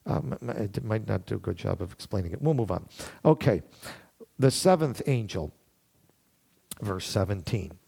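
A man's voice: medium pitch, creaky, darkish tone. A man teaching a verse-by-verse Bible study to listeners in a room, in a conversational way, thinking aloud and asking them questions.

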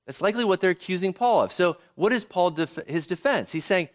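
A male pastor delivering a sermon in a conversational way, often tossing rhetorical questions to his listeners. His voice is fairly high for a man and swings widely in pitch as he explains. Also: expressive, brisk.

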